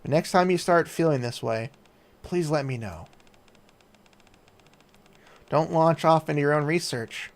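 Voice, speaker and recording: A man reading a kind male commander's game lines in a gentle, reassuring voice. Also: fairly high pitch, unhurried, long pauses. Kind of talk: reading game dialogue aloud.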